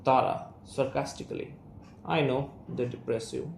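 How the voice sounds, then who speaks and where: A young man with an Indian English accent voicing a sharp, resentful young woman as he reads a play aloud, speaking her name and the stage directions too. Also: medium pitch, steady tone, moderate pace, gravelly, natural voice. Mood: bitter. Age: young adult. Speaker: student reader. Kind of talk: reading an audio play aloud. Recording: roomy room, faint hiss.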